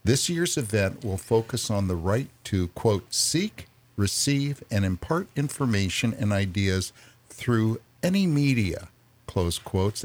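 A man hosting a radio talk show, introducing guests in a friendly way and reading a press release aloud. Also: lowish voice. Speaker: radio host.

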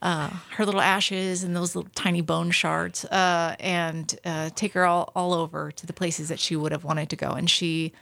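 A woman being interviewed about her outdoor adventures, a lively, self-deprecating storyteller who laughs often. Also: fairly low pitch, normal speed, vocal fry, hardly any pauses. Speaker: guest, outdoor adventure writer. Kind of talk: casual interview chat.

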